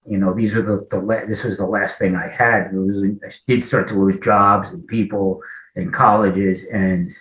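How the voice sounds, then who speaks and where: A man in his forties sharing a personal recovery story in a conversation, talking haltingly, often restarting sentences and acting out remembered dialogue. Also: on the low side, fairly even intonation, a bit bright. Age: 40s. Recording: echoey, muffled lo-fi audio.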